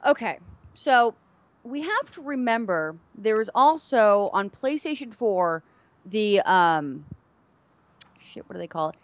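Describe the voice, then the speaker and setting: A young adult woman co-hosting a casual gaming chat show, animated and given to loud exclamations. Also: medium pitch, slow pace, dry recording. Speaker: podcast co-host.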